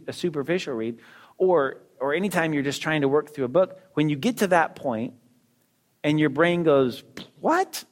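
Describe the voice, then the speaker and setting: A middle-aged man with a slightly higher than usual pitch gives a casual talk. He keeps checking in with his listeners through asides and rhetorical questions. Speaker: teacher discussing a book on reading.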